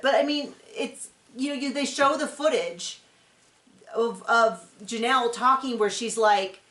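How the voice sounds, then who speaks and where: A woman's voice: a little high, unhurried, a bit bright. A woman hosting a reality-TV recap, chatty and opinionated, rambling with lots of fillers. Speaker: TV show recap host. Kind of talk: casual reality-TV recap commentary. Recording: echoey room.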